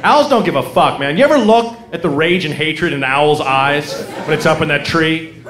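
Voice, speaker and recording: A man from Oregon doing an animated, profane stand-up set on a club stage. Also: on the high side, moderate pace. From Oregon, USA. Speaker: stand-up comedian. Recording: echoey club, loud crowd noise.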